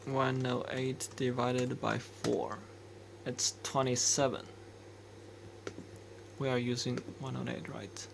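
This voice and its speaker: A man talks slowly through a coding walkthrough, pausing and restarting as he works things out. His voice is gravelly and flat in pitch, with a faint hiss of noise behind it. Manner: slow, hesitant, thinking aloud with restarts. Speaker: embedded developer explaining code. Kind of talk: screen-recorded coding walkthrough.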